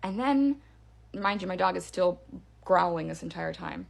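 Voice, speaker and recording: A woman telling her own spooky story in a casual, chatty way, with fillers and hushed drops for suspense. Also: on the low side, lively intonation, moderate pace, gravelly. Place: parents' backyard by a campfire.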